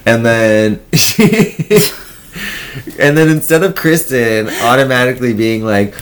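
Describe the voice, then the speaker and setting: A man's voice: mid-range voice, slow. A man co-hosting a podcast, telling a story in a casual chat, laughing often and acting out the voices of people in it. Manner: animated, laughing, acts out quotes.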